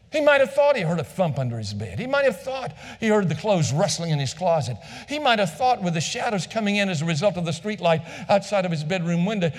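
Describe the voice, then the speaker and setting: A male pastor preaching and telling a story from the pulpit, his fairly high voice swinging up and down as he acts out each exchange. He repeats phrases for effect, and his words ring out with the long reverb of a large hall. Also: fairly bright tone. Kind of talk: storytelling sermon.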